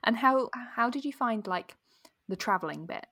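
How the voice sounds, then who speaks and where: A woman's voice: on the high side, lively intonation, moderate pace, a bit bright. A woman interviewing casually, supportive and hesitant, with many fillers. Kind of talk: casual chat.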